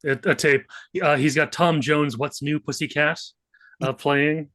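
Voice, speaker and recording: A man's voice: a little high, fairly even intonation, a little slow, a bit bright, no room sound. A man playing a tabletop role-playing game, describing his character's morning in a casual, playful, rambling way. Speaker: player.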